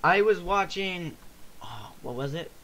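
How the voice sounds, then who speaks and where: A man's voice: high voice, lively intonation, measured pace, pushed and bright. A young man co-hosting a casual podcast, rambling and swearing, his voice cracking often. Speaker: podcast co-host. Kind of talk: casual chat.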